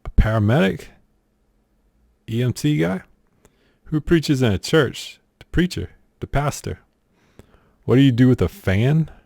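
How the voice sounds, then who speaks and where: A South Carolina-accented man from the southern United States, a streamer, does a casual accent-tag challenge, reading quiz questions aloud and replying with dry, exasperated sarcasm. His mid-range voice is darkish and creaky, animated yet unhurried, with long pauses. The recording is dry.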